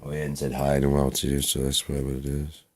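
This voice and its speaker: A man's voice: rumbling low, monotone, very fast, a little mellow, breathy edge. A man rambling casually in a profane, joking monologue. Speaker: vlogger.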